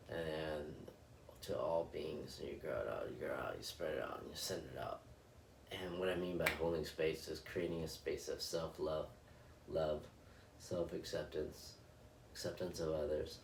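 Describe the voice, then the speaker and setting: A man hosting a daily loving-kindness video, speaking blessings and reflective self-help talk in an earnest, repetitive, gentle cadence. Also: a bass voice. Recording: roomy echo, distant from mic, faint background noise.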